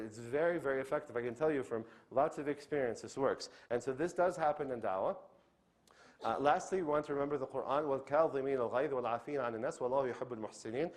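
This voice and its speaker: Fast-talking male lecturer. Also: mid-range voice. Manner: checks in with the audience with frequent "okay?"; animated, acts out quoted speech. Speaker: Islamic lecturer. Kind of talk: lecture on inviting others to Islam.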